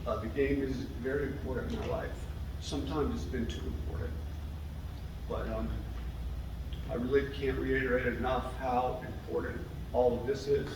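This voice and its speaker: An emotional man gives a grateful acceptance speech, pausing between phrases. He is picked up from far off in a very echoey large hall. Steady room noise sits clearly under his voice. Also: medium pitch. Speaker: hall of fame inductee.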